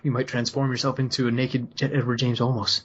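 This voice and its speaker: A man with a husky voice hosts a casual comedy podcast, reading lines aloud in a flat, deadpan way. The audio is dull and lo-fi. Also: medium pitch, a little fast. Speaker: podcast co-host.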